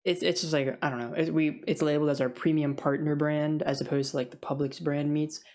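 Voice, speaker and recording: A woman's voice: sits low, fairly even intonation, brisk, darkish tone. A young woman who works in food service rants casually to camera, rambling with many fillers and frequent laughs. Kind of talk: casual vlog rant.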